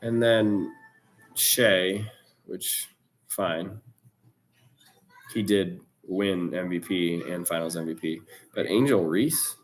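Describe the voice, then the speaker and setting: A man's voice: low-pitched, level tone, takes it slowly, pauses often, a little hiss or hum. A man hosting a live trading stream, talking casually and loosely with slang, reacting to viewers' chat. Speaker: livestream trading host.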